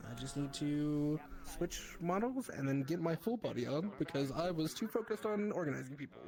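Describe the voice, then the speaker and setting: A man organizing a role-play event, talking in a quick, businesslike way. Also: on the high side, expressive, a little mellow.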